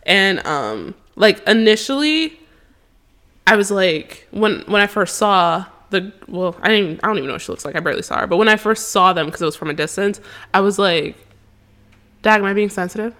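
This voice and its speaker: A woman's voice: medium pitch, lively intonation, moderate pace, pushed and bright. A young woman co-hosting a podcast, talking casually with lots of fillers and frequent laughter. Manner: chatty, many fillers, laughs often. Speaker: podcast co-host. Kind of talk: casual chat. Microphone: headphones and mic.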